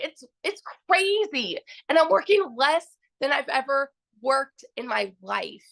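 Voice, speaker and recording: A young woman with a high voice tells her success story in a gushing, emphatic rush, circling back to repeat her key phrases. Her tone rings bright and forward, and she sounds thrilled and fired up the whole way through. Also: lively intonation, a little slow, creaky, hardly any pauses. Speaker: customer giving a testimonial. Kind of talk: excited personal success story.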